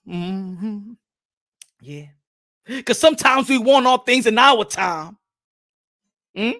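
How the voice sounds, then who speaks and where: A man hosting a boxing channel, ranting loudly in a mock-preacher style, laughing and breaking into song. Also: sits high, slow, pauses often. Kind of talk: excited livestream rant.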